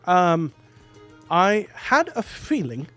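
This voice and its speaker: A man's voice: very animated, extremely slow, fairly bright tone, soft background music, exaggerated voice. A man voicing a gushing young male festival host who speaks in a raised, effusive tone. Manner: gushing, high-pitched.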